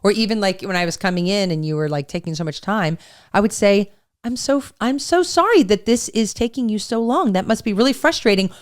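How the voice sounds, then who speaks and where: A woman co-hosting a marriage podcast with her husband, chatting in a playful, animated way. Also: medium pitch, brisk. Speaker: podcast co-host, wife. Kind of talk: casual chat.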